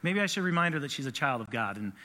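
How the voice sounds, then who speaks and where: A man in his thirties preaching a sermon in an animated, conversational way to his congregation. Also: medium pitch, quick pace, in a large hall. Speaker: pastor.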